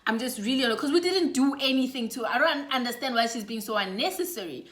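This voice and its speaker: A young woman with a South African accent telling a story in a casual, animated vlog. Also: sits high, fast, hardly any pauses. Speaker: YouTuber. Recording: echoey room.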